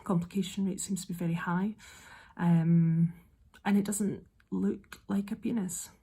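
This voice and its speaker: Low, gravelly exasperated woman. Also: fairly even intonation, unhurried, dark tone. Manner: exasperated, ranting. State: a bit unwell and low-energy. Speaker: vlogger. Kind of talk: casual monologue.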